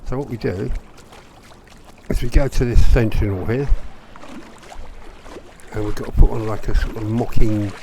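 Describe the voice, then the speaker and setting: A man's voice: on the low side, moderate pace, long pauses, background noise. A man giving a wry, chatty commentary as he plays a video game, with self-mocking asides. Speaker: gamer. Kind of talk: let's play commentary.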